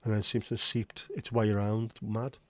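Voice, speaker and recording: Chatty low-voiced English man. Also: level tone, moderate pace. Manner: rambling, chatty, reads out viewer comments. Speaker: livestream host. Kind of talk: casual livestream chat.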